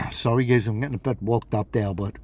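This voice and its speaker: A man's voice: medium pitch, animated, normal speed. A man talking in a rambling vlog monologue, agitated, swearing and repeating himself. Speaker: vlogger.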